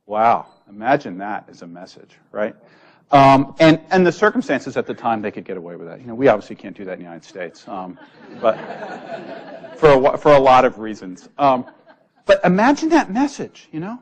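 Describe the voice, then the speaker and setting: A middle-aged man, a physician giving a conversational lecture full of stories, telling them in an animated way and acting out the quotes. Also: mid-range voice, a little fast. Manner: animated storyteller, acts out quotes.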